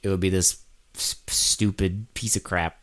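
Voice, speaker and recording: A man's voice: low-pitched, little pitch movement, unhurried. A man co-hosting a podcast, joking sarcastically and swearing as he talks about a movie. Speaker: podcast co-host. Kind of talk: casual movie review chat.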